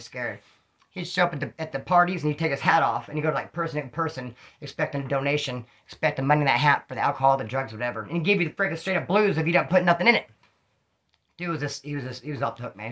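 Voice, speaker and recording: A man casually telling stories from his past in heavy street slang, acting out what people said. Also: fairly high pitch. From California. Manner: streetwise slang, animated, acts out quotes. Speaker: storyteller recounting prison life. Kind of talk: casual storytelling monologue.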